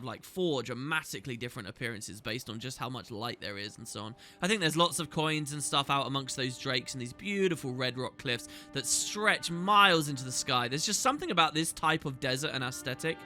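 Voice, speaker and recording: A man with a pushed, bright voice at medium pitch hosts a gaming video, chatting casually while he plays and reading quest dialogue aloud. Faint game music plays in the background.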